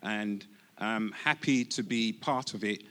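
Halting, slow-talking man giving church testimony. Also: lowish voice, a bit bright. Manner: halting, many restarts, laughs easily.

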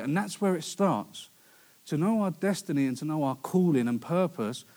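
A man's voice: fairly high pitch, a little mellow. A young man preaching a sermon in a conversational way, with storytelling asides.

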